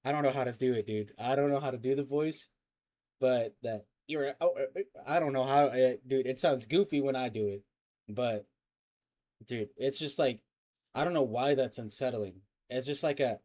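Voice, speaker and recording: A young man hosting a reaction video, talking casually and haltingly with lots of slang and filler. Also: medium pitch, darkish tone.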